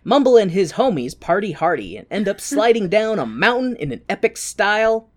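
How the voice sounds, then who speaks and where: A woman's voice: mid-range voice, sing-song, moderate pace. A woman co-hosting a podcast, giving a casual, joking movie recap with playful swearing. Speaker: podcast co-host.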